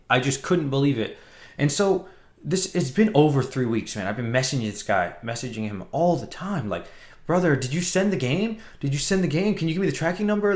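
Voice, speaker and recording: A man casually telling a story on his vlog, animated and exasperated, later calmer. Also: mid-range voice, roomy sound. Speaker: comic book vlogger.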